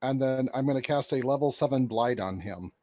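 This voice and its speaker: A man playing a tabletop game who states his moves in a deliberate, matter-of-fact way. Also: medium pitch, mellow, no room sound. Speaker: player. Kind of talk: casual tabletop game chat.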